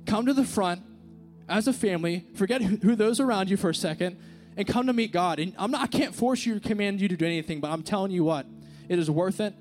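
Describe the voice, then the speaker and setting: A young youth speaker gives an informal sermon at a church service on a handheld microphone, telling a personal story casually and earnestly, full of fillers like "like" and "dude." His voice is high and a little mellow, he talks fast, and faint music plays behind him.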